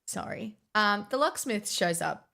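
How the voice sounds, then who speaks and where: A woman's voice: on the high side, a little slow, a bit bright. A young woman, chatting casually as a vlogger, swearing often and restarting her sentences. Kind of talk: casual storytime chat.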